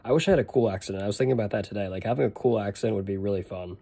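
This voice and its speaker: Relaxed Boston-accented man streaming a game. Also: on the low side, racing, creaky. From northeastern United States. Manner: chatty, rambling, answers chat while playing. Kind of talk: casual gameplay stream chat.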